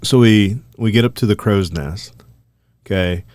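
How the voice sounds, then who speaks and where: A man's voice: lowish voice, unhurried. A man co-hosting a podcast, telling a rambling story in casual chat with lots of swearing. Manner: profane, animated, rambling. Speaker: podcast co-host.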